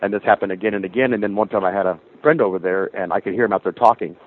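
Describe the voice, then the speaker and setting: A man calling in to a radio show who rambles through his story in an animated way. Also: lowish voice, very fast. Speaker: caller. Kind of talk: call-in storytelling. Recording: phone line with faint hiss.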